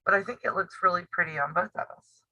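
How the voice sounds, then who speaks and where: This American woman in her 50s hosts a sewing and quilting channel, here running a casual live-stream chat. Her voice sits on the low side, and she talks fast with a sharp tone, teasing bluntly and laughing often. The recording is rough.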